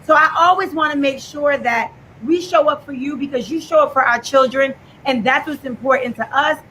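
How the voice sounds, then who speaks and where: A woman's voice: high-pitched, normal speed, pushed and bright, slight background noise, rough recording. A woman speaking on a live video call, telling a heartfelt story with some fillers. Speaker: guest.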